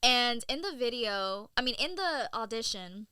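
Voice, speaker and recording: A young woman in her twenties, a model and content creator, telling stories in an animated, casual way with lots of "like"s. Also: on the high side, clear, resonant tone, dry recording, clean studio sound. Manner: animated storyteller, many "like"s and quick laughs. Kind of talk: casual interview chat.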